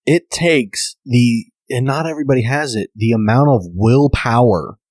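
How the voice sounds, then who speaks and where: A man co-hosting a podcast in casual chat, musing aloud in halting phrases. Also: mid-range voice, a little mellow, dry recording, studio quality. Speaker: podcast co-host.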